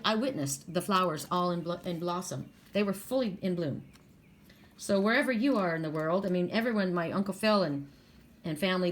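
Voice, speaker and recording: A woman's voice: lowish voice, a bit bright. An older woman giving a casual spoken oracle card reading, earnest and spiritual, talking straight to viewers with frequent restarts and self-corrections.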